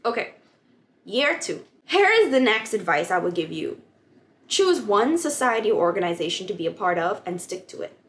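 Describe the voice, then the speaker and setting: A young woman vlogging at home, animated as she tells a personal faith story and acts out the dialogue. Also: medium pitch, a little hiss or hum. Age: young adult. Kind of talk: casual testimony vlog.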